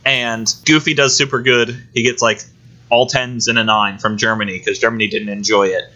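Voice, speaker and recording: A man's voice: mid-range voice, steady tone, normal speed, bright, forceful tone. A man co-hosting a podcast, casually recapping a movie plot in rambling detail. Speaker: podcast co-host. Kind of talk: casual chat. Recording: dull lo-fi recording.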